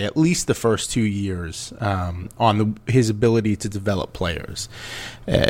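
A man hosting a casual sports podcast, teasing his co-host and then giving earnest, opinionated analysis. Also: lowish voice.

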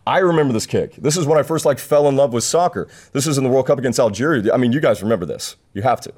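A man's voice: mid-range voice, animated, a little mellow. A man co-hosting a casual sports podcast, delivering a fired-up rant and laughing at himself. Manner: fast, fired-up, self-deprecating. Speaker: podcast co-host. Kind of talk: casual sports chat, ranting.

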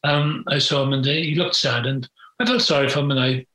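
A man's voice: medium pitch, steady tone, a little fast, bright, forceful tone. An older man, telling his memories in an interview in a frank, rambling way, with many fillers. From Britain. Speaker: guest. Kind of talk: reminiscing interview. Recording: roomy echo.

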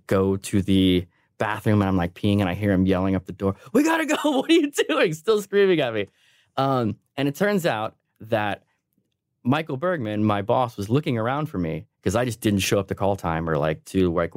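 A man in his thirties, a sound engineer guesting on a podcast, telling a funny story in a lively way and laughing often. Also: fairly low pitch, a little fast, no room sound, studio quality. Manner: animated, laughing while telling stories. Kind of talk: casual storytelling.

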